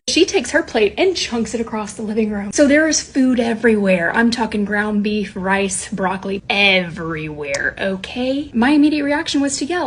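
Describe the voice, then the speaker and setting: A woman's voice: on the high side, a little fast, few pauses, slightly rough. A young woman, a mother of two toddlers, talking candidly to camera in a blunt, profane, self-deprecating way, sometimes dropping to a whisper. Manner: drops to a whisper for emphasis. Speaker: mom content creator. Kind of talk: candid confessional vlog.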